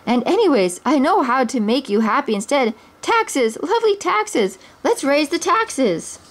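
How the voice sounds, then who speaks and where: A woman voicing a cunning, greedy male wolf sheriff who gloats with a high cackling laugh, in a storybook reading. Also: expressive, a little fast. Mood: scheming.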